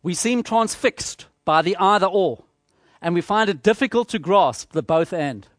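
A man preaching a sermon, measured and emphatic, repeating phrases for rhetorical effect. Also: sits high, expressive, no room sound, clean studio sound.

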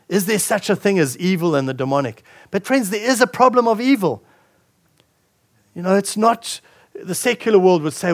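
Guy pastor preaching, reads the bible passage then talks it over, lots of restarts, voice a bit on the high side. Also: animated, moderate pace. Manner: reads scripture aloud, then comments with frequent restarts. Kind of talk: sermon.

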